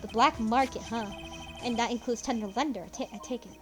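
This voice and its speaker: A woman plays an earnest young defense lawyer in a game playthrough. The voice is fairly high and questioning. Faint music runs behind. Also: a little fast, natural voice. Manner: thoughtful, questioning. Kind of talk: fan voice-over of a game.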